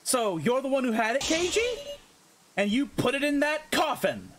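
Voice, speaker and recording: A streamer reading the lines of a smug, scheming villain who runs the game, taunting and deliberate. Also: sits high, very animated, noisy background, voice pushed up. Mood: gloating.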